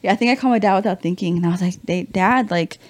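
Give me a young woman telling a story on a podcast, animated and slangy, with a mid-range voice in a dry, close recording. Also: mid-range voice, rapid-fire, no room sound. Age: young adult. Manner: animated, acts out quotes, swears freely, slangy. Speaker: podcast guest. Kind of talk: casual storytelling chat.

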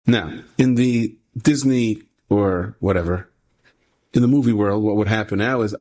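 A man, a rabbi, telling a story with a moral lesson in a conversational way, repeating phrases for emphasis. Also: normal speed. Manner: conversational, repeats phrases for emphasis, rising pitch when animated.

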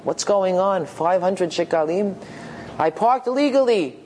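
A man telling a moral story as a sermon, with animated, dramatic delivery. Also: high voice, measured pace, slight background noise. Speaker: storyteller, religious speaker.

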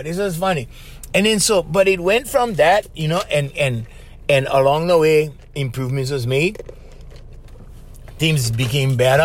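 A middle-aged man from Hawaii with a Hawaiian Pidgin-tinged accent, hosting a casual solo podcast and telling stories loosely, calling the listener bro. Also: fairly high pitch. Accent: Hawaiian Pidgin-tinged English. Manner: loose storytelling, calls listener bro, asks right?. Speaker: podcast host.

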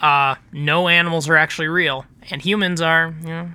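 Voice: medium pitch, fairly even intonation, normal speed, bright, forceful tone, clean tone, no echo. A podcast co-host in casual comedic chat, making dry, wry asides.

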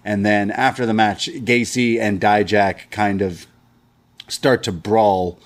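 A man co-hosting a wrestling review podcast, recapping matches in casual chat and acting out quoted lines in lively bursts. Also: fairly low pitch, slow.

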